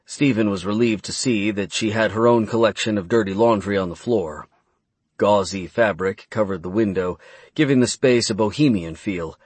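A man narrating an audiobook in an even, steady reading. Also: on the low side, slightly rough, dry recording.

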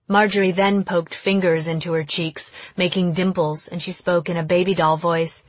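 A woman narrating an audiobook in a steady storytelling voice. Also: lowish voice, moderate pace, few pauses, dry recording. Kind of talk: scripted narration.

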